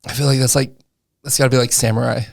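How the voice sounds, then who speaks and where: A man hosting a podcast, telling stories in a relaxed conversational way and often checking in with his guest. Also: mid-range voice, fast talker, creaky. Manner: relaxed storyteller, frequent "you know what I mean". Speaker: podcast host. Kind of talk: casual interview chat.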